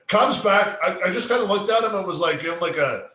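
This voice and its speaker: Guy with a slightly high voice rambling through a story, swears a lot, roomy echo. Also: expressive, a little fast, pushed and bright. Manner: swearing storyteller acting out quotes. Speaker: podcast co-host. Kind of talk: casual chat. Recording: echoey room.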